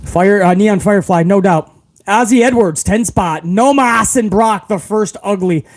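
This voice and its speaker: A man's voice: sits high, unhurried. A man hosting a casual live stream, reading out viewer comments and ranting with a lot of profanity, calling everyone bro.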